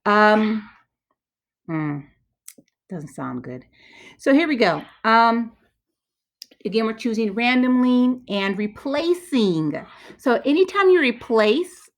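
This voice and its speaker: A woman math teacher talking herself through probability problems step by step, chatty and self-correcting. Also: fairly high pitch. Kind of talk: thinking-aloud math walkthrough.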